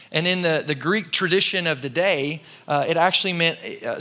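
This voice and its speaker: A man, a pastor preaching a sermon to his congregation and telling funny personal stories in a relaxed, conversational way. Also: fairly high pitch. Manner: conversational, self-deprecating storytelling with laughs. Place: church in front of a congregation.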